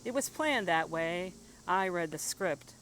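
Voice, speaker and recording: A woman's voice: on the low side, expressive, unhurried, a bit bright, a little hiss or hum, poor audio. A woman poet performing spoken-word poetry in a rhythmic, rhyming delivery.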